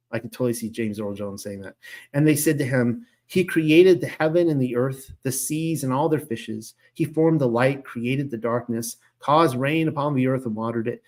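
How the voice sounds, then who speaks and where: A man of ordinary pitch leads a Bible study, reading old-fashioned scripture passages aloud. He keeps pausing to muse in a loose, chatty way, peppered with 'like' and 'you know'. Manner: conversational, full of 'like' and 'you know' asides; reads archaic scripture aloud, then stops to reflect. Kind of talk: scripture reading with casual commentary.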